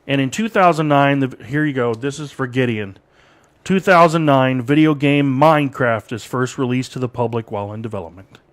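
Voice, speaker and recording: A man's voice: mid-range voice, moderate pace. Chuckling man reading dates on radio. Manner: reads date facts with chuckles. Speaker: radio show host. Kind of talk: casual on-air chat. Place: radio studio streamed live.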